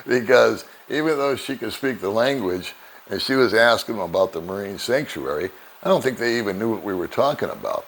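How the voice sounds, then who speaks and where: An older man vlogging, telling relaxed, rambling anecdotes to the camera and chuckling now and then. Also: deep voice, a little hiss or hum. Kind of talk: casual storytelling to camera.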